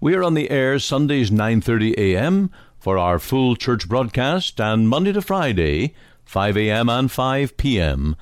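A man's voice: on the low side, clean tone, dry recording, studio quality. A male pastor preaching on radio with dramatic rhetorical questions, then signing off the program. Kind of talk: radio sermon and program sign-off.

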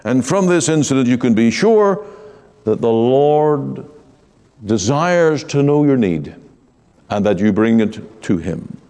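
Man preaching, mellow dark tone, unhurried earnest delivery, long hall reverb. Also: mid-range voice, animated, clear, resonant tone. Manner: earnest, pleading, slow and deliberate preaching with quiet drops. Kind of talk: sermon.

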